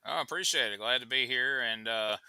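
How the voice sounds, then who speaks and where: A man's voice: mid-range voice, a little fast, pushed and bright, clean tone, no echo, poor audio. A man, a stand-up comedian, trading dry wisecracks on a live show. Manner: wisecracking, dry one-liners. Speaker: comedian and co-host. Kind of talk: casual live show banter.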